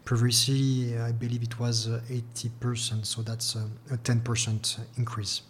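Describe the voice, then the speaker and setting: A middle-aged man with a French accent, a regional bank executive giving a formal business interview, measured and full of fillers and repeated words. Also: medium pitch, level tone, a little hiss or hum. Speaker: regional head at a public investment bank.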